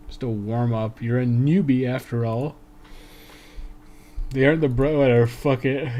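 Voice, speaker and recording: A man's voice: mid-range voice, steady tone, moderate pace, pauses often, dark tone. A man streaming a video game live, reading the on-screen text aloud and swearing often.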